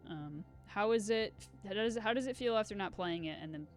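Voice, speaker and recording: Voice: mid-range voice, brisk, faint music behind. A live streamer in casual gaming stream chat, rambling and self-deprecating with giggly asides.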